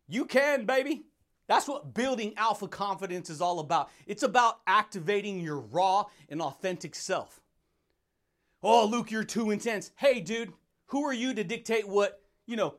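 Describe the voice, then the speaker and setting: Brash high-voiced motivational man. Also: fairly bright tone. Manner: intense and brash, laughs often, says dude and buddy. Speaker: podcast host. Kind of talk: motivational monologue.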